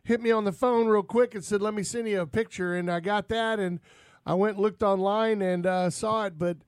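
High-pitched guy hosting outdoors radio, rambly and jokey, dry close mic. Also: steady tone, moderate pace, clean tone, dry recording. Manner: loose, joking, rambling with fillers. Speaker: radio show host. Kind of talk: casual radio chat.

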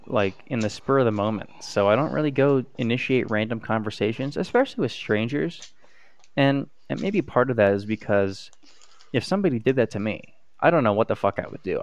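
A young man, a student, chatting casually in a halting, hesitant way, with many restarts and fillers. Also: medium pitch, highs cut off. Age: young adult. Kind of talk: casual chat.

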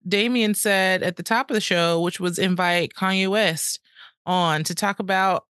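A woman co-hosting a podcast in casual chat, animated and outspoken, quick to laugh. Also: mid-range voice, dry recording, studio quality. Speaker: podcast co-host.

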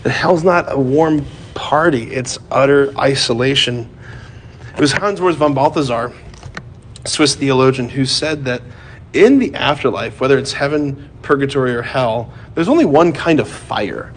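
A man preaching a sermon in a conversational way, often saying "like" and "right?", moving from joking asides to hushed, grave emphasis. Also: medium pitch, unhurried, a little hiss or hum.

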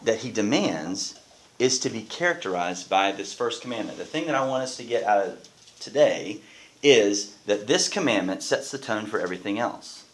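A man's voice: fairly low pitch, lively intonation, normal speed. A man, a pastor, teaching a Bible class in a conversational way and often asking the group questions.

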